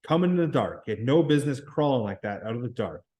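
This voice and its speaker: A man reading aloud and voicing a shrill, anxious boy who pleads and insists in rough everyday grammar. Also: animated, quick pace, darkish tone, close to an everyday voice.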